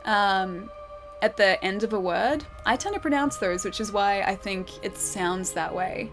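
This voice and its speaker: A woman's voice: medium pitch, lively intonation, unhurried, faint music behind. A young Australian woman chatting casually while livestreaming a game, giggling often and answering her chat. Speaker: streamer. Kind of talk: live game stream chat.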